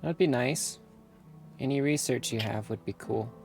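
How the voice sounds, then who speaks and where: Gravelly, deadpan man at play. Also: mid-range voice, normal speed, over music. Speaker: player. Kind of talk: playing a tabletop game in character.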